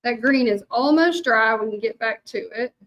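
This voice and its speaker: A middle-aged hand-lettering artist from Louisiana, Southern accent and all, rambles with many fillers while chatting with viewers as she crafts on a livestream. She speaks at normal speed in a somewhat bright, highish voice, and the recording has its highs cut off.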